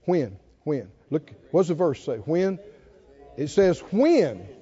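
A man preaching a sermon, swinging between loud, animated calls and hushed asides. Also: on the high side, takes it slowly, slightly rough, dull audio. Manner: animated preaching, mimics whiny voices and swings from shouting to hushed.

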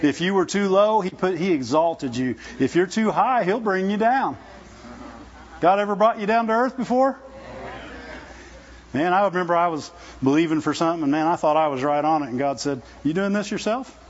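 A man's voice: high voice, moderate pace, slight background noise. A man preaching a sermon in a conversational, folksy way, often asking his listeners rhetorical questions. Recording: dull lo-fi recording.

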